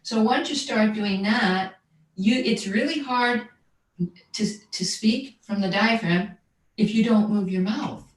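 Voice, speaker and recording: A guest voice coach and jazz singer speaks slowly in a mid-range voice during a conversational livestream interview. She explains things, often adding "right?" and repeating words while searching for them. The sound is roomy and echoey, distant from the mic.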